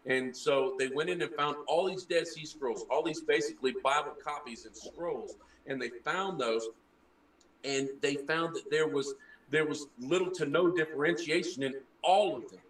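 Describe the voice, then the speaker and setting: A man's voice: fairly high pitch, moderate pace, fairly bright tone, roomy sound, far from the mic, rough recording. A man who trained as a preacher, earnestly explaining things in a casual group chat and often restarting his words. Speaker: former preacher.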